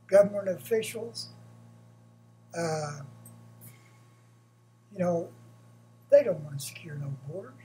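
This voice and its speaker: A man, short of breath, giving a blunt, halting opinion monologue for his vlog from home. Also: high voice, mellow, slight background noise, rough recording. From United States. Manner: halting, blunt, with frequent pauses and restarts. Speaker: vlogger.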